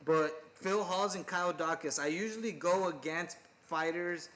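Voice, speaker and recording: A man's voice: fairly high pitch, fairly bright tone. A man co-hosting a podcast, chatting casually about fights and swearing a lot. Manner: swears a lot, quick fight-fan talk. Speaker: podcast co-host. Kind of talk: casual chat.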